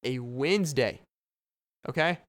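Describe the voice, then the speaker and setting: A young man hosts his own podcast in a mid-range voice, taking it slowly. He rambles through stories in an animated way, with lots of fillers and laughs.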